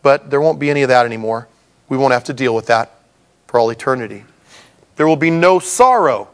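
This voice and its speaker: A man's voice: medium pitch, lively intonation, fairly quick. A middle-aged man preaching a sermon in a conversational way, with humorous asides to the congregation. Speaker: pastor.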